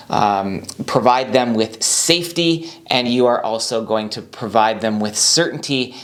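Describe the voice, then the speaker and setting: A man who works as a doctor and anxiety coach, giving a casual instructional talk in a calm, unhurried and reassuring way that leans on repetition. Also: medium pitch.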